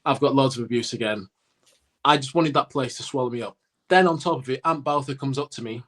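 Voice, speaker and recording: Man telling a lively cricket story. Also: medium pitch, brisk. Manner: animated anecdote-telling with acted-out quotes. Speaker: podcast co-host, former cricketer. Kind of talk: casual storytelling.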